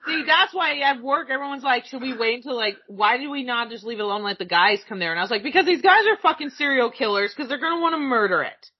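Woman, casual chat, profane storyteller, high voice, wide pitch swings. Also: fast, few pauses, slightly rough, lo-fi sound. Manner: animated, swearing, laughing storyteller.

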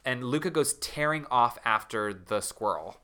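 Bright-voiced man retelling a story. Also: medium pitch, moderate pace. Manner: animated storytelling, acts out characters' lines. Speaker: podcast co-host. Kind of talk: casual comedic book recap.

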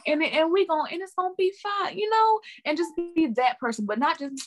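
Expressive woman podcast host. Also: very high-pitched, a little fast. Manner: expressive, emotional, animated, with exclamations. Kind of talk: casual chat.

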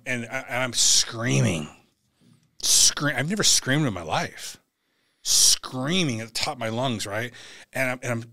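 A man's voice: mid-range voice, bright, forceful tone, no room sound, studio quality. A man, a podcast guest, telling a vivid, profane story and acting out the voices in it. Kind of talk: animated storytelling.

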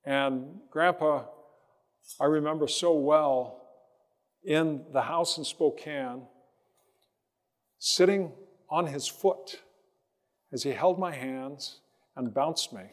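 A man preaching a sermon as a pastor, telling a personal story in a slow, reflective way with pauses, then leading a prayer. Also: a little high, big-room sound.

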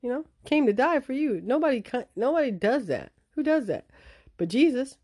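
A woman's voice: high voice, moderate pace. A woman hosting a casual commentary vlog, talking emphatically and restarting her sentences often. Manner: emphatic, animated, with many restarts. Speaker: host.

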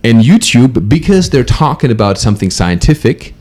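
A man's voice: mid-range voice, very animated, moderate pace, a little mellow. A young man hosting a podcast, joking crudely and rambling with restarts in casual chat. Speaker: podcast host.

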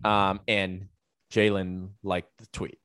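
A man with a somewhat low voice co-hosts a casual podcast chat. He rambles through his stories with plenty of fillers and restarts. His voice is recorded dry and close. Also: level tone, slow, a bit bright, no room sound. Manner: rambling storyteller with many fillers, laughs while telling. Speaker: podcast co-host.

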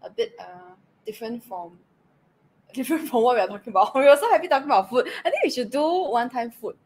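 A woman's voice: sits high, big pitch swings, fast, a little mellow, husky. A woman co-hosting a podcast, chatty in casual talk and ending phrases with lah and lor. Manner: chatty, laughs often, adds lah and lor. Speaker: podcast co-host. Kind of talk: casual chat.

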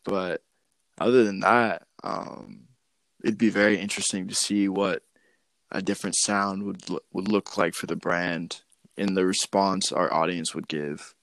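Low-voiced laid-back man, hesitant. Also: steady tone, a little slow, a bit bright, no echo. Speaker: DJ and podcast guest. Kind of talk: casual conversation.

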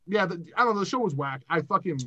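A man's voice: sits high, fast, lo-fi sound. A young man from Massachusetts, a music producer guest, talking casually and profanely in a podcast chat. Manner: animated, profane, rambling.

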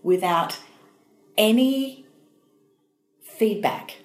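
A woman's voice: medium pitch, expressive, very slow, faint music behind. A woman co-hosting a podcast, talking in an enthusiastic, encouraging way. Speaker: podcast co-host. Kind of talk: casual chat. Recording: roomy echo.

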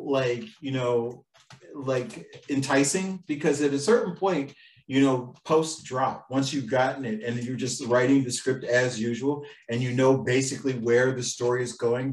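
A man talking in a loose, rambling way, full of "like" and "you know" and restarts. He sits back from the microphone in an echoey room. His voice is mid-pitched. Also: distant mic. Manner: rambling, lots of fillers and restarts. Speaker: podcast co-host, screenwriter. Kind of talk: casual chat.

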